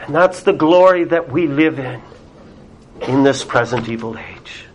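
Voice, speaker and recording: A man's voice: a little high, unhurried, a little hiss or hum, rough recording. A man preaching a sermon, earnest, with rising and falling emphasis and repeated words.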